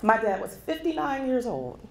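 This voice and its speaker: Animated woman giving a keynote in a hall. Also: a little high, normal speed, gravelly. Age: 40s. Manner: animated storytelling, addresses the audience directly. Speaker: keynote speaker. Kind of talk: motivational keynote speech. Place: conference hall before a live audience. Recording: echoey hall with faint background noise.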